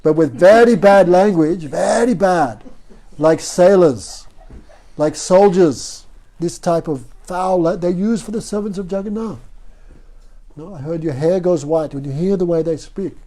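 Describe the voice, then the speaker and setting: A man's voice: high voice, measured pace, mellow. Man giving a devotional class. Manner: storytelling, asks the audience "no?" often. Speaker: spiritual teacher.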